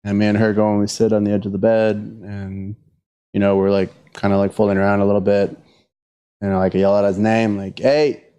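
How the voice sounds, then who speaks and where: A man's voice: fairly low pitch, monotone, a little fast, mellow, smooth. A man telling a long profane story in a casual podcast chat.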